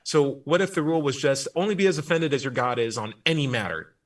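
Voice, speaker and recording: A man's voice: mid-range voice, fast talker, far from the mic. A man hosting a casual radio panel chat, joking and putting on mock voices. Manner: animated, jokey, mock voices of God. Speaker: radio show host.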